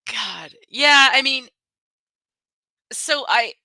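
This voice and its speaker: Bright-voiced woman in dry close sound. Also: sits high, animated, drawn-out words, dry recording, poor audio. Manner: candid, blunt, laughs readily. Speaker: guest. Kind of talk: casual conversation.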